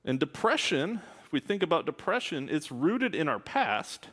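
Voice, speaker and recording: A man's voice: fairly high pitch, big pitch swings, normal speed, a bit bright. A man preaching a sermon as a minister, speaking candidly and conversationally with asides. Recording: long hall reverb.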